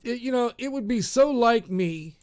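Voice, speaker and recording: A man's voice: very high-pitched, expressive, normal speed, a little mellow, clear, resonant tone. A man hosting a live internet radio show, chatting casually and rambling with lots of fillers and self-mocking asides.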